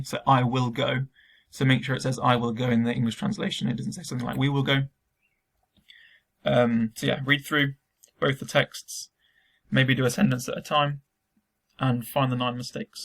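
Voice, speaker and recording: Young male teacher recording a remote lesson, gravelly and flat, relaxed with frequent ums. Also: mid-range voice, a little fast. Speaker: school Spanish teacher.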